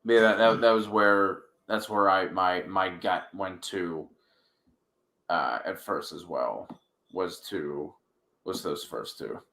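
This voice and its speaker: Male host, lowish voice, reads out questions briskly, echoey room. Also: gravelly, sharp tone. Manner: reads off viewer questions in a quick list. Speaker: fantasy football host reading viewer questions. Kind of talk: casual live-stream chat.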